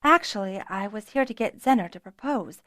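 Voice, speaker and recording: A woman's voice: mid-range voice, lively intonation, moderate pace, fairly bright tone, dry recording, studio quality, close to an everyday voice. A woman voicing a plucky, frank young noblewoman dragonrider with a good-humored manner. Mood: earnest.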